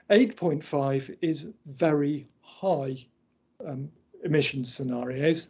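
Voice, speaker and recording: Husky man giving a lecture. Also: medium pitch, mellow. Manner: explaining slides point by point, measured and precise. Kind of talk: academic lecture. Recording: dull lo-fi lecture recording.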